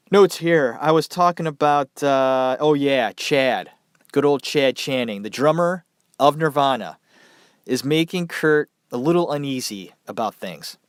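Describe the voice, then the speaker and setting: Male podcast host, nasal and congested with a cold, unhurried, dry close sound, casual and profane. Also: medium pitch, clear, resonant tone, no echo. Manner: loose and profane, chatty asides. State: stuffy head cold.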